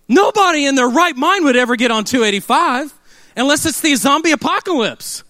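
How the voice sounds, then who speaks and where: Middle-aged pastor, man, high voice, dry close sound, chatty storytelling sermon with humor. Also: animated, a little fast, sharp tone, no room sound. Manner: conversational, humorous storytelling with call-and-response.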